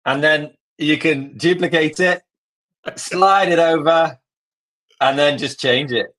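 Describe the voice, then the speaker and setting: A man hosting a live software lesson, walking through steps in a chatty, joking way. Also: fairly high pitch, slow. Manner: chatty, jokey, step-by-step. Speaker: tutorial host.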